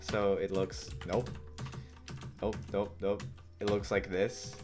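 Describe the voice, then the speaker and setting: A man's voice: fairly low pitch, flat delivery, slow, over music. A man live-streaming as he codes, rambling and joking as he thinks aloud. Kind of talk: casual live-coding stream.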